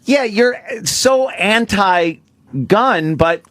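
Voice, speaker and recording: A radio co-host gives blunt opinions in a mid-pitched man's voice, swearing freely. The mic is dry and close, with no room sound. He talks like a regular in loose studio banter. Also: expressive, very slow, fairly bright tone, dry recording. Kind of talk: casual radio talk.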